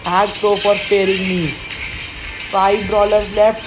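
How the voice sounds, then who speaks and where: A woman's voice: mid-range voice, flat delivery, slow pace, background noise. A woman commentating her own gameplay, frustrated and complaining as she plays. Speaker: gaming commentator.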